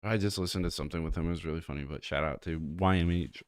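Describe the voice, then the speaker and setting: A man's voice: low voice, fairly even intonation, quick pace, no room sound, studio quality. A man co-hosting a casual podcast, laughing often and talking in loose run-on thoughts. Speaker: podcast co-host. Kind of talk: casual chat.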